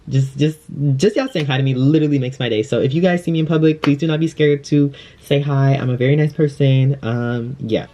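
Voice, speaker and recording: A young man telling a personal story in a casual, chatty storytime, packed with fillers and animated retelling. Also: mid-range voice. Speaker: vlogger.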